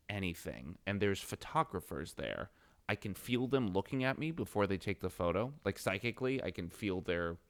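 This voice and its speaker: A man with a lowish voice co-hosting a book podcast, his pitch swinging widely as he talks. He sounds playful and teasing, riffing on ideas as they come to him. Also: a bit bright. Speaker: podcast co-host. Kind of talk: casual book discussion.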